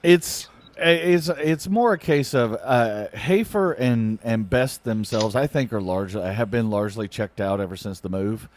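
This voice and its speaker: A man's voice: lowish voice, measured pace. A man speaking as a guest in a casual chat, wry and blunt.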